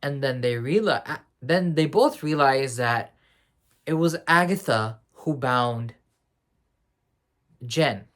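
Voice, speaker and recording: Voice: medium pitch, expressive, slow, long pauses, fairly bright tone. Rambling, slangy casual show reviewer. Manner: rambling, self-correcting, slangy. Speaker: TV series reviewer. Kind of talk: casual spoiler review vlog.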